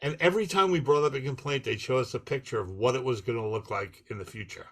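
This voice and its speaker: Rambling storytelling man, mid-pitched. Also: quick pace. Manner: rambling anecdote teller. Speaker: podcast co-host. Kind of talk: casual chat.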